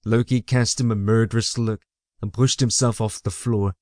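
A man reading a fantasy novel aloud as the audiobook narrator, in a measured storytelling way. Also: lowish voice, steady tone, a little mellow, no echo. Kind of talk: scripted narration. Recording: dry close mic.

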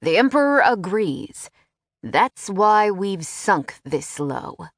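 A woman's voice: fairly low pitch, lively intonation, takes it slowly, no room sound, studio quality. A woman narrator voicing a tall, impatient, sneering man who is an emperor's brother.

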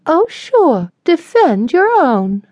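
A woman voicing a haughty, impatient young Southern lady in an audiobook, with a shrill, indignant manner. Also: expressive, slow pace, a little mellow, no room sound. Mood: outraged.

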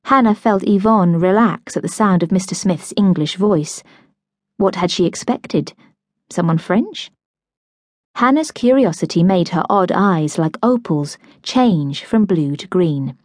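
A woman narrating a novel in an audiobook, with a measured, even storytelling manner. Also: lowish voice, dry recording, clean studio sound. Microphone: close studio mic.

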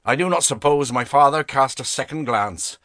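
A man reading an unabridged classic novel aloud as narrator, in a measured, expressive storytelling manner. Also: mid-range voice, no echo. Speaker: audiobook narrator. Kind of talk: scripted audiobook narration. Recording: dry close studio sound.

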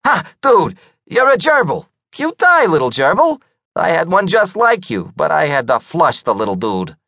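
A man's voice: on the high side, huge pitch swings, normal speed, gravelly, pushed and bright, no echo, clean studio sound, voice pushed up, full character voice. A man voicing a laid-back male skunk who talks like a breezy surfer dude. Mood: mocking. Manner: breezy slacker talk, calls people dude.

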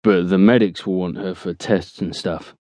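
A man voicing a big, calm male soldier who mutters his replies. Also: low-pitched, moderate pace, no room sound, lightly acted.

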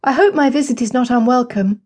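A woman's voice: fairly high pitch, brisk, darkish tone, pitched above the performer's own voice, lightly acted. A woman narrator voicing a genteel young Regency-era wife who speaks with poised, formal grace. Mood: gracious. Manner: poised, formal period speech.

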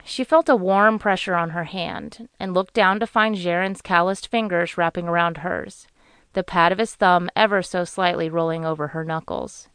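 A woman reads an audiobook in a measured, even storytelling voice, pitched on the low side. The tone is smooth and resonant, and the sound is close and dry with no room in it. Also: no room sound. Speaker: audiobook narrator. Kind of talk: scripted narration.

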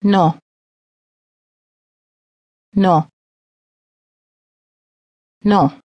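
A woman modeling phrases for learners in a language course, repeating them very slowly and carefully. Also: medium pitch, fairly even intonation, dry recording, lo-fi sound. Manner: very slow, careful, deliberate repetition. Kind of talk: slow model pronunciation for learners.

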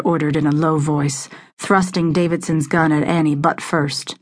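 A woman narrating a suspense novel as an audiobook, in a measured, even storytelling manner. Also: low-pitched.

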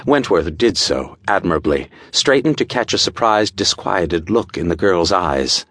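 A man narrating an audiobook in a measured, dramatic storytelling style, recorded close to a studio mic. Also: sits low, lively intonation, fairly bright tone, dry recording. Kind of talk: scripted narration.

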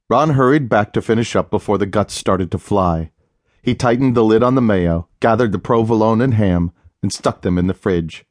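A male narrator reads the story in a steady, even manner. His voice sits on the low side. The recording is close and dry, with no room echo. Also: moderate pace. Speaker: audiobook narrator. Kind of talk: scripted narration.

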